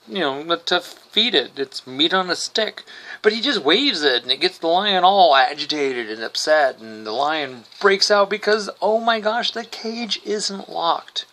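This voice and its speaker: Male podcast host, sarcastic recap style, bright and crisp tone. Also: sits high. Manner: wry, sarcastic asides. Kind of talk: casual comic recap.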